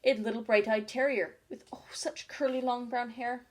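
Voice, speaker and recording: A woman's voice: a little high, fairly even intonation, normal speed, voice pushed up, close to an everyday voice. A woman voicing a polite, curious young girl in a storybook reading, chatty and eager, often talking half to herself.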